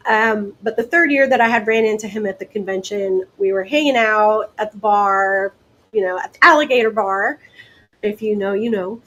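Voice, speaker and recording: A woman's voice: mid-range voice, moderate pace, poor audio. Chatty woman telling stories with laughs. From Deep South, United States. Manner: chatty, laughs often, lively asides. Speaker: guest hypnotist. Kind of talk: casual interview storytelling.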